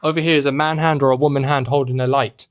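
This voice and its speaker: A man's voice: mid-range voice, steady tone, fast. A young man giving a casual, joking tour of a small hotel room, filmed on a handheld camera. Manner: chatty and joking, with offhand asides. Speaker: travel vlogger and host.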